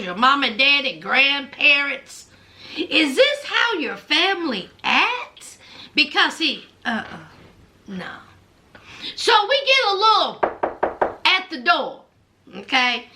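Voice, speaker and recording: A woman gives a casual reality TV recap, dramatic and talking straight to her viewers. Her voice sits high and swings widely in pitch. She speaks at an unhurried pace. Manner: animated, dramatic, addresses viewers as y'all.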